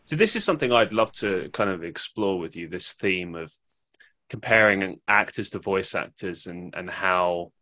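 A man's voice: low voice, expressive, normal speed, pushed and bright. A man with an English accent hosting a podcast, chatting casually and rambling with lots of fillers and restarts. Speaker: podcast host. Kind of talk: casual interview chat.

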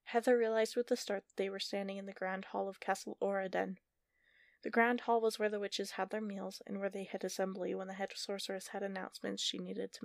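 A woman narrating a fantasy story in a steady, measured audiobook style. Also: medium pitch, gravelly, no echo, clean studio sound.

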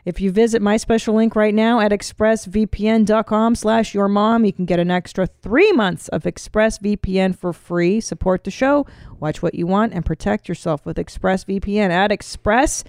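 Woman, 40s, comedy podcast co-host, chatty and teasing, mid pitch, dry close-miked studio sound. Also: moderate pace, darkish tone, no echo. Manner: laughs easily, chatty and teasing. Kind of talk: casual podcast chat and host-read ad.

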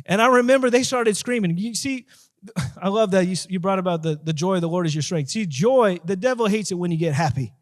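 Male evangelist guest, high voice, emphatic and repetitive, preacher's delivery. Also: expressive, a little fast. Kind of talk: testimony told in an interview.

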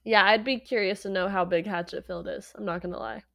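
A woman's voice: mid-range voice, fairly even intonation, a little fast, creaky, bright, forceful tone. A woman co-hosting a podcast, giggling often as she retells scenes from a musical. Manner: giggly storyteller who acts out lines in put-on voices. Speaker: podcast co-host. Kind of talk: casual fan chat recapping a musical.

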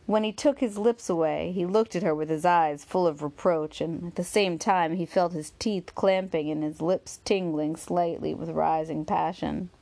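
A woman narrating a novel in a steady, measured reading. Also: on the low side, gravelly. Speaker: audiobook narrator. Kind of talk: scripted narration.

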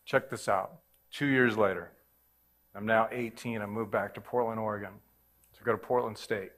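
Speaking at a moderate pace, this pastor has a fairly low, steady voice with a touch of brightness. His sermon is a testimony, recounting his personal journey of faith in an earnest, casual manner.

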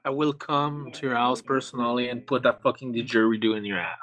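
A man co-hosting a casual podcast, excitable and swearing, stumbling over repeated words. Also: mid-range voice, a little fast, muffled recording. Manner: stammering, profane, excitable. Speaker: podcast co-host.

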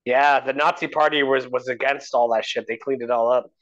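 A man's voice: medium pitch, steady tone, fairly quick, fairly bright tone, dull audio. A man joining a podcast by phone, chatting casually with wry, joking remarks.

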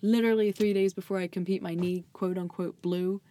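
A woman's voice: medium pitch, steady tone, brisk, mellow. A young adult woman in casual podcast chat, telling stories full of fillers and swearing and laughing often. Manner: filler-heavy storytelling, says "like" constantly, swears, laughs often. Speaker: guest.

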